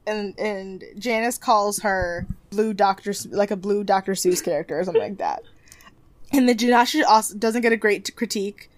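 A woman's voice: mid-range voice, moderate pace, no echo. Chatty young woman recapping a show. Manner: chatty, lots of "like", laughs often. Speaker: podcast co-host. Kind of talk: casual chat recapping a TV show.

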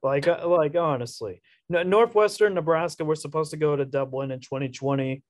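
Laid-back guy on a sports podcast, a bit higher voice, dry sound. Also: a little fast, no room sound. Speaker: podcast co-host. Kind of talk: casual sports podcast chat.

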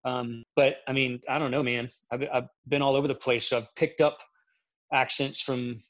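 A man's voice: medium pitch, level tone, moderate pace, fairly bright tone. Middle-aged man, frank and rambling. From Central Florida. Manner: rambling, self-correcting, frank. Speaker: military veteran guest. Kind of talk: casual interview talk. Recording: slightly dull lo-fi audio.

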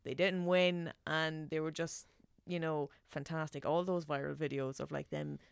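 A woman's voice: low voice, steady tone, moderate pace, gravelly, smooth, dry recording, studio quality. A young woman from Ireland with an Irish accent, telling stories chattily as a guest in a casual talk, laughing easily. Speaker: podcast guest. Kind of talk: casual chat.

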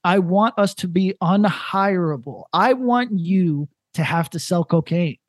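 Rambling deadpan man, dry close mic. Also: sits high, unhurried, no echo. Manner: rambling, deadpan, building to a prank. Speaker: podcast co-host. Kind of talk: casual comedic chat.

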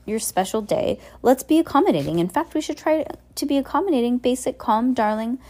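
A jolly, overly accommodating scout leader man, voiced by a woman reading aloud. He sounds eager and chipper, pitched well above the reader's own voice. The tone stays warm and soft. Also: lively intonation, brisk. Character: cheery cigar-holding grown man, scout leader.

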